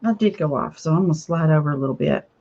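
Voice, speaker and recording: A woman's voice: deep voice, quick pace, warm tone, a little hiss or hum. A woman chatting casually to viewers while she makes a craft project, rambling from one thought to the next. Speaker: craft vlogger. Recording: slightly dull lo-fi audio.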